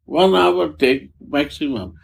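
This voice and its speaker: A man speaks as a spiritual teacher, unhurried and deliberate, with long pauses between phrases. His voice sits a little high for a man and carries a gravelly, creaky texture. His English is halting, and he often repeats or restarts a phrase before finishing it. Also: expressive, rough recording. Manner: halting, repetitive non-native phrasing. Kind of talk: spiritual discourse.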